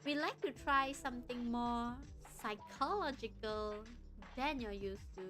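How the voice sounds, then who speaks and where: A woman reading the lines of a kind, persuasive male researcher in a calm, reassuring tone. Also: on the high side, unhurried, faint music behind.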